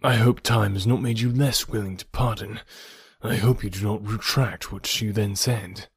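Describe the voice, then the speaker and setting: Impulsive young gentleman, read by a man, effusive, earnest, dry close sound. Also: lowish voice, fairly even intonation, moderate pace, husky, no room sound. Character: lively charming young gentleman, impulsive and warm.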